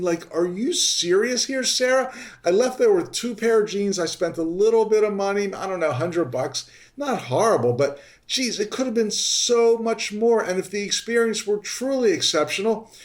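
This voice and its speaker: A man hosting a podcast, telling a story in an animated way and jumping high in pitch when he acts out his exasperation. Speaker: podcast host. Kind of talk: storytelling monologue. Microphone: podcast microphone.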